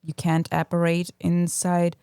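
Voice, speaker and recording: A woman's voice: lowish voice, completely flat delivery, measured pace, dark tone, clean tone, no echo, clean studio sound. A woman co-hosting a podcast, analysing a book and sharing facts she has looked up. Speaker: podcast co-host. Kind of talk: casual book discussion.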